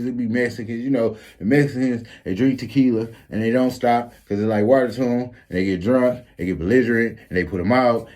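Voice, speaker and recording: A man with a Flint, Michigan accent telling a street story in a casual, animated and profane vlog monologue. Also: mid-range voice. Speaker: storyteller vlogger.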